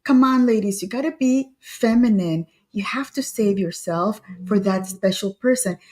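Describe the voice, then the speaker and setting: Woman cohost giving earnest advice, mid pitch, talks straight to the ladies. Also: normal speed, darkish tone. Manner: earnest, urging, gives direct advice. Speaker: co-host. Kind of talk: casual advice chat on etiquette.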